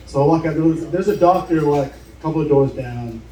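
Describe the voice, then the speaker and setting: A man's voice: fairly high pitch, brisk, dark tone. Casual man telling a story on stage. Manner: casual, swearing, acts out the people in his story. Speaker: storyteller at a live show. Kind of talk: live stand-up storytelling. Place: bar with a live audience. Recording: echoey room, mic heard from a distance. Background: audience cheering and laughing.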